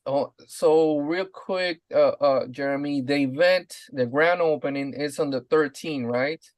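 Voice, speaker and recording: A man hosting a live stream show, chatting eagerly with a guest, laughing often and filling pauses with "uh" and "man". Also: a little high, no echo. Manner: enthusiastic, laughing, many fillers. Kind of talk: casual live-stream interview.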